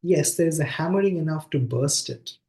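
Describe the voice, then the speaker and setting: A man reading aloud the quoted lines of an anxious eighteen-year-old woman, in a plain voice pitched slightly higher than his own. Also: a little fast, vocal fry, warm tone. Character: anxious young woman, eighteen, breathless with nerves. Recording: echoey room sound.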